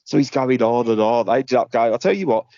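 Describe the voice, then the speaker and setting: A man co-hosting a podcast in casual chat, talking from a hospital room and rambling through animated stories. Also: medium pitch, quick pace, dry recording, muffled recording. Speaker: podcast co-host.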